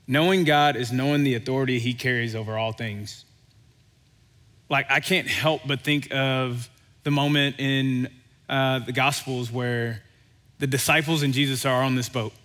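Conversational preacher in a reverberant hall. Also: male voice, medium pitch, a little slow. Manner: conversational, animated storytelling with quoted voices. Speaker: pastor. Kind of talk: sermon.

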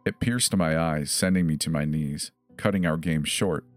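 A deep-voiced man narrates a scripted horror story in a measured, grave manner. His low tone sits over faint background music.

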